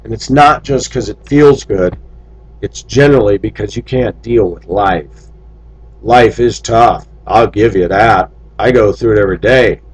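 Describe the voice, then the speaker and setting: A man's voice: lowish voice, measured pace, husky, rough recording. Blunt, opinionated man. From United States. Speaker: vlogger. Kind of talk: opinion monologue to viewers.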